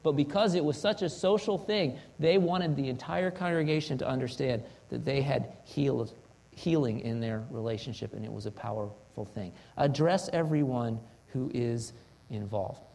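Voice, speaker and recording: A man's voice: mid-range voice, normal speed, creaky, a little mellow. A man preaching a sermon in an earnest manner, asking rhetorical questions and acting out example confessions. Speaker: pastor.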